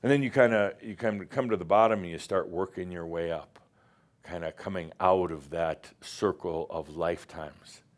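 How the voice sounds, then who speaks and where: A man with a lowish voice delivers a channeled spiritual address to a gathered group. He talks emphatically, fires off rhetorical questions, stumbles into restarts and slips in playful asides. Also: moderate pace. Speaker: spiritual teacher speaking to a live group. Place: gathering room with online audience.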